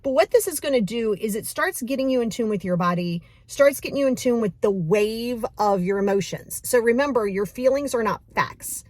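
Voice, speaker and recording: A woman leading a guided mindfulness exercise, talking casually and straight to the viewer with lively bursts. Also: a little high, moderate pace, few pauses, no room sound. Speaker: mindfulness coach.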